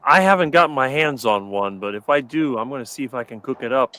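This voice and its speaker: Plain-spoken male guest, mid-pitched, relaxed and practical. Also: fast talker. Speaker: guest caller. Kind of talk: casual group chat.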